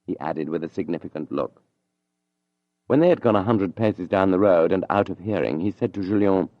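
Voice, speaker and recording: A man narrating an audiobook in a measured, even storytelling manner. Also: low-pitched, no echo, muffled recording.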